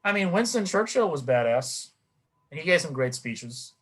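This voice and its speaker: A man guesting on a podcast in casual chat, joking and bantering in an animated way. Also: fairly high pitch, normal speed, slightly rough.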